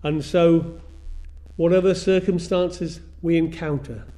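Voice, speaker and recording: A man preaching a sermon in a measured way, repeating phrases for emphasis. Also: on the high side, fairly even intonation, dark tone.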